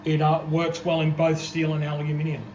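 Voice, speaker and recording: An Australian home machinist with a slightly high voice speaks a little fast and in a monotone. He casually narrates his work in his home workshop, cracking self-deprecating jokes over loud machine noise in an echoey room.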